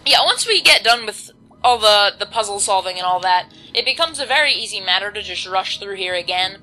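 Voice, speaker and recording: Chatty teen girl with a bright voice. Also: mid-range voice, lively intonation, fairly quick, poor audio. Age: teens. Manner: chatty, rambling, with filler. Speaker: let's play commentator. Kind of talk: casual gameplay commentary. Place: home, volume kept low.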